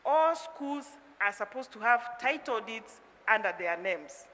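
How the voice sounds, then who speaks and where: A woman's voice: a little high, expressive, a little slow, a bit bright, in a large hall. A woman who is a county director of education, giving a direct, instructive address. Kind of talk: official address.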